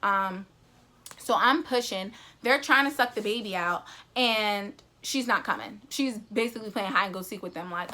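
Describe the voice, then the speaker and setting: Young woman vlogger, bright voice, animated storytelling, acts out everyone's lines. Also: medium pitch, a little fast. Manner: animated, acts out quotes, many fillers. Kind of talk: personal storytelling.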